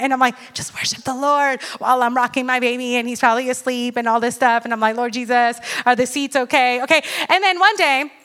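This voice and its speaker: A woman in her thirties giving a sermon full of personal stories, chatty and animated, checking in with the audience with "okay?" and "all right?". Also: high-pitched. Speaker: speaker at a women's church gathering. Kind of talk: preaching with personal storytelling.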